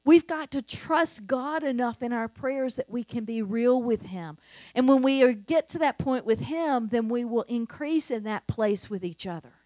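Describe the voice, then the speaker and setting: A woman's voice: fairly high pitch, moderate pace, a little mellow, no echo. A middle-aged woman delivers a sermon in an earnest, conversational voice, leaning on repeated phrases. The sound is dry and close. A faint mains hum runs underneath. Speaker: pastor.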